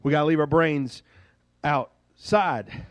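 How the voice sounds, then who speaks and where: A pastor voicing a big, gruff usher man who talks in a blunt, offhand way. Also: fairly high pitch, takes it slowly, dry recording.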